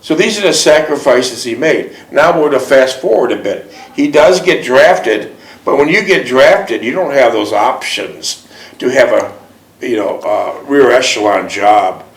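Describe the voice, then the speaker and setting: A man's voice: mid-range voice, animated, unhurried, echoey room, rough recording. A male host interviewing a veteran, asking leading questions and summing up in emphatic statements. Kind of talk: interview and book reading.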